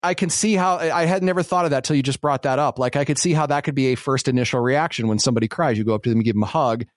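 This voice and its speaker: A man's voice: mid-range voice, racing, no echo, clean studio sound. A man in his forties from Western South Dakota, a podcast co-host chatting casually and rambling a little, joking at his own expense. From Western South Dakota, USA. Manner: rambling and self-deprecating, jokes about himself. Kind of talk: casual chat.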